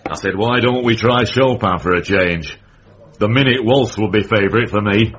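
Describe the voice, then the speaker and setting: An actor playing a grumpy, beer-loving old uncle with a Northern English accent in a radio comedy drama, wry and mock-pompous. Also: male voice, lowish voice, moderate pace, close to an everyday voice. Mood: gloating. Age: older. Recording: muffled old radio broadcast.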